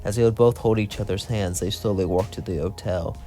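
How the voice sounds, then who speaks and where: A man narrates a fan-made story in long run-on sentences, chaining events with "as" and "would". His voice sits on the low side, with quiet music playing underneath. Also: steady tone, brisk. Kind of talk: fan-fiction narration with quoted dialogue.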